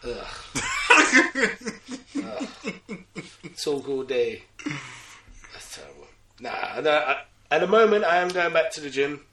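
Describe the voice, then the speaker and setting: A young man cracks jokes and slangy asides as a podcast host, laughing easily. His voice has a bright, crisp edge. He sounds a bit away from the mic in an echoey room. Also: fairly high pitch, animated, unhurried, pauses often, recorded from a distance, slight background noise. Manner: joking, slangy, laughs often. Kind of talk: casual podcast banter.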